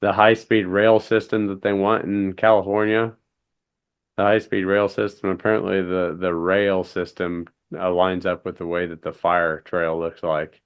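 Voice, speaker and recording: A man's voice: deep voice, level tone, moderate pace, smooth, muffled recording. A man hosting a podcast, easygoing and chatty with loose fillers. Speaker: podcast host. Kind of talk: casual conversation.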